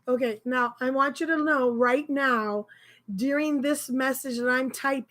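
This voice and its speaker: A woman with a high, bright voice tells a story in a casual vlog. Her delivery is animated and exasperated, and she often laughs as she goes. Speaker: grocery delivery shopper.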